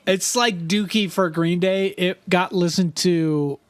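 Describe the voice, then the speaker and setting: Male podcast co-host, loose and rambling, casual swearer, a touch high-pitched, dry recording. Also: steady tone, takes it slowly, no room sound. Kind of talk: casual chat.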